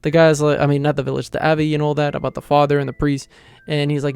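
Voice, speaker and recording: A man's voice: a little high, completely flat delivery, quick pace, vocal fry, a little mellow, clear, resonant tone, no echo. A man recapping and reviewing an anime episode in a chatty, casual way, acting out the characters' lines as he retells the scenes.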